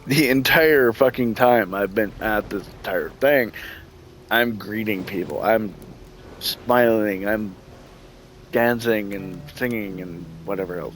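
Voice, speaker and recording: A man's voice: lowish voice, slow pace, a bit bright, slight background noise, poor audio. A man telling a story in casual, profane chat, laughing often and acting out what people said. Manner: profane, laughs often, acts out quoted dialogue. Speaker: gaming channel host.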